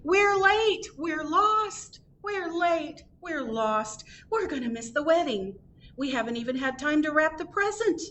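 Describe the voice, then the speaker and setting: A woman voicing a family running late for a wedding, shouting frantically in a hurry. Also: mid-range voice, fairly quick, few pauses, a little hiss or hum, close to an everyday voice. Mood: panicked. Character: rushing family, frantic and loud.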